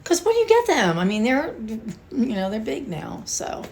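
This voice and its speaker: A woman's voice: a little high, huge pitch swings, moderate pace, gravelly, a little mellow, slight background noise. An older woman talking casually and emotionally to her viewers, rambling with sighs and restarts. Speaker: beauty vlogger. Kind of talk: casual talk to camera.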